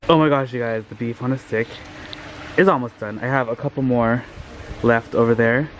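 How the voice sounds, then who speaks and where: A man's voice: medium pitch, fairly even intonation, normal speed, slight background noise. A man hosting a casual home tour vlog, upbeat and enthusiastic, talking to a handheld camera. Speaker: vlogger host. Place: at home, indoors and out in the yard.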